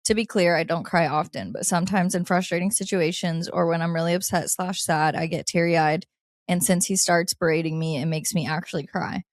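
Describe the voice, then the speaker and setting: Animated woman co-hosting an advice chat. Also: fairly low pitch, a little fast, no room sound, clean studio sound. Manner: animated, laughs often, reads listener letters aloud. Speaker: podcast co-host.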